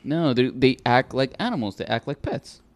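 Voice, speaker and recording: A man's voice: mid-range voice, big pitch swings, normal speed. A man co-hosting a podcast, rambling in casual chat and often hunting for the right word. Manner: rambling, searches for words. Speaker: podcast co-host.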